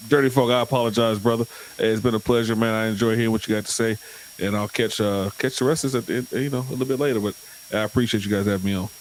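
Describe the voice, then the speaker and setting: A man with a lowish voice talks casually on a podcast. He is friendly and polite and sounds a little hurried. A faint hum runs underneath. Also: steady tone, low-quality recording. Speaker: podcast guest. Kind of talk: casual sign-off.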